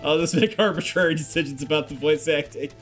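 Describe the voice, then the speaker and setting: A man's voice: fairly high pitch, fast talker, faint music behind. A joking man streaming a game. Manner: joking asides, laughs easily. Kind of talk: casual game commentary.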